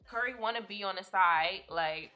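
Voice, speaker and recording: A woman's voice: mid-range voice, moderate pace, bright, forceful tone, faint music behind. A young woman vlogger telling a rambling story time in a casual, profane way, often laughing.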